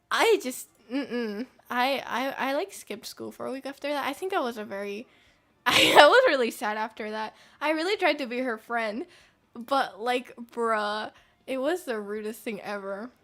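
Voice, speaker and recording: A woman's voice: high voice, fairly bright tone. A young woman streamer chatting casually while gaming, rambling through anecdotes with fillers and laughs.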